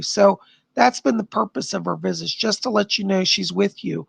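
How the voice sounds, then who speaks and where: A man hosting a live stream of psychic readings, chatty and animated, his voice tiring. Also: high-pitched, moderate pace, gravelly, breathy edge, no room sound. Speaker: psychic medium host.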